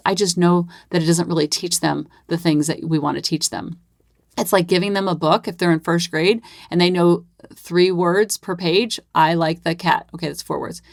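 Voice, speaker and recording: A woman's voice: on the low side, dry recording, studio quality. A woman in her thirties hosting a parenting podcast, chatting in an upbeat way. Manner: chatty, upbeat, acts out kids' voices. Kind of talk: casual solo podcast talk.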